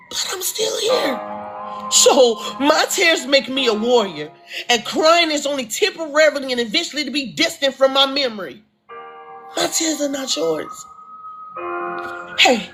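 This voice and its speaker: A woman's voice: high voice, fairly bright tone. A woman who is a mother performing spoken word poetry with impassioned, preaching cadence and repeated refrains. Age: adult, a mother. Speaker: performing poet.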